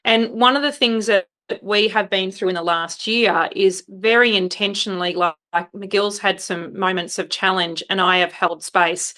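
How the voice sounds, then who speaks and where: Female podcast host, bright and forceful tone, frank, assertive. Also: mid-range voice, moderate pace, few pauses. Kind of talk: conversational interview.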